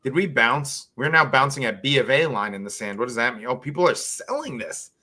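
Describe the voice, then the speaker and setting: Man, live-stream host, video call audio, rambling, self-mocking, thinking out loud. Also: mid-range voice, animated, a little fast. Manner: rambling, self-mocking, thinks aloud while sharing screen. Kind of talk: casual live-stream chat.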